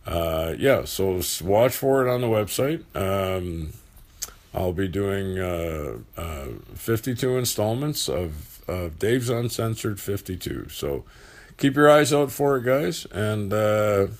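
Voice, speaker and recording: Low-ish guy hosting a casual chat, lots of ums and uhs, keeps restarting. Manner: halting, filler-heavy, restarts a lot. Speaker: host.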